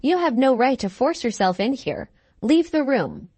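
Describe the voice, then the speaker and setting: A woman's voice: sing-song, normal speed, warm tone, dry recording, exaggerated voice. A woman voicing a haughty society widow who turns from icy politeness to jealous fury. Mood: furious. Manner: politely cold, then shrill and indignant.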